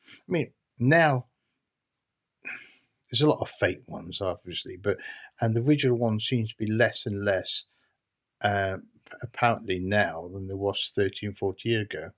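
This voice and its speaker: A man recounts a tale in a casual, meandering way. He hesitates often and restarts his sentences, and his voice sits fairly low. The recording sounds dull and lo-fi. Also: moderate pace, fairly bright tone. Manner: hesitant and rambling, frequent restarts. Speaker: storyteller. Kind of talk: casual anecdotal storytelling.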